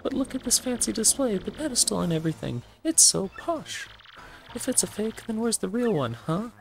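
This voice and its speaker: A loud, boastful turtle king villain, as a game player puts him on. The voice rides higher than plain talk and keeps a gravelly edge. Game music plays underneath. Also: big pitch swings, moderate pace. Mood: indignant. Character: blustering brutish male turtle king villain.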